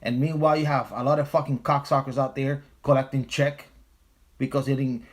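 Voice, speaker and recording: A man's voice: medium pitch, flat delivery, brisk. A man hosting a casual livestream, talking in an emphatic, profane way and repeating his phrases for stress. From United States. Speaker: livestream host.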